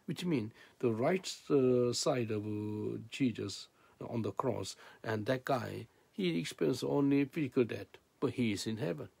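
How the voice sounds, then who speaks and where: A man preaching a sermon in broken, non-native English, swinging between loud emphatic peaks and low hushed asides. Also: lively intonation, measured pace, gravelly, husky, no echo.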